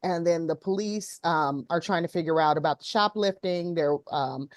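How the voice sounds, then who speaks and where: Woman host talking it through, lots of ums, lowish voice, dry sound. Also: normal speed, no room sound. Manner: retells video with many ums and acted quotes. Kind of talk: casual chat.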